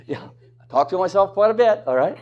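A man's voice: sits high, animated, brisk, a little mellow, dull audio. A man preaching a sermon in a conversational way, with rhetorical questions and joking asides.

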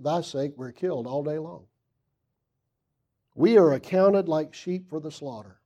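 A man preaching a sermon, reading scripture aloud and asking the congregation questions, swinging from loud emphasis to hushed asides. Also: fairly high pitch.

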